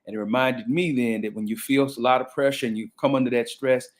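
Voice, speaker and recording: A man's voice: mid-range voice, steady tone, quick pace. A man, a pastor, talking in a panel conversation in a reflective way with frequent restarts and fillers.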